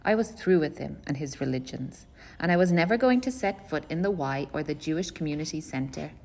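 A woman reading a first-person novel aloud in a plain, measured storytelling voice. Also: low-pitched, expressive, a little mellow. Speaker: audiobook reader.

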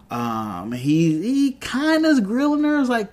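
A man casually recapping a TV episode, rambling and restarting often, dropping into quick quoted voices for the characters. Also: very high-pitched, wildly swooping pitch, darkish tone. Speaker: TV show reviewer.

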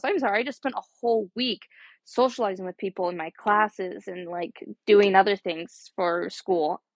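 A woman's voice: on the low side, brisk, no echo. A young woman in college, hosting a casual solo podcast and rambling in a chatty way, full of "like". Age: young adult. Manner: rambling, chatty, heavy use of "like". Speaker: podcast host.

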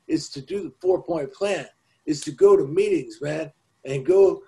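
Man, high voice, casual emphatic podcast co-host, swears freely. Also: mellow, rough recording. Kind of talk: casual recovery talk.

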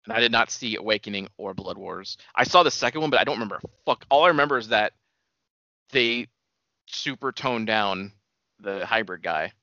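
Animated man chatting casually, lo-fi sound. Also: lowish voice, brisk, dry recording. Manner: animated, rambling, laughs often. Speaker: podcast co-host. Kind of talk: casual chat about movies.

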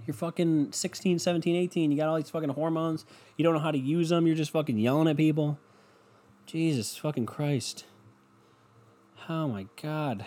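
A young adult man hosts a podcast, telling stories in a loose, profane, rambling rant. His voice is on the high side and mellow, and he speaks at a normal speed.

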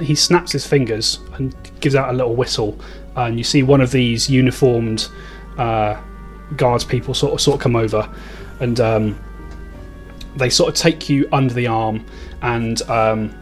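A man narrating a tabletop game as game master, describing scenes in a rambling way. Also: medium pitch.

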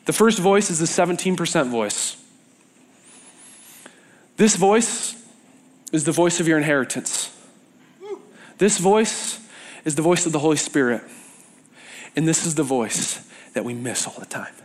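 A man's voice: a little high, a little slow, long pauses. A young adult man preaching a sermon to a youth group, telling stories and acting out the voices he quotes. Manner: animated storytelling, acts out quoted voices.

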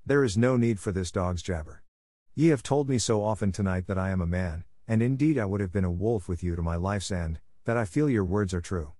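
A man's voice: low-pitched, brisk, mellow, dry recording, studio quality. A man voicing a fierce, defiant boy raised by wolves in a storybook reading, commanding in manner.

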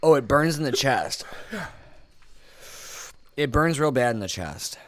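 A man's voice: medium pitch, expressive, unhurried, no room sound. A man co-hosting a podcast, talking casually and rambling through the pain of eating very hot wings. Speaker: podcast co-host. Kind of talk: casual chat.

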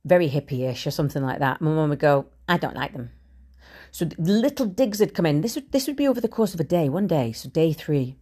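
Low-voiced middle-aged woman, frank monologue. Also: very animated, fast talker, hardly any pauses, dark tone, slightly rough. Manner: frank and conversational, occasional swearing. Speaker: podcaster. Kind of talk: candid personal monologue.

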